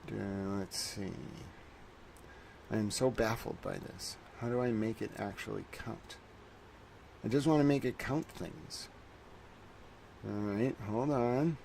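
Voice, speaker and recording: A man's voice: on the low side, slow, gravelly, long pauses, darkish tone, a little hiss or hum. A man hosting a casual livestream, rambling to his chat while he fiddles with on-screen settings. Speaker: livestream host.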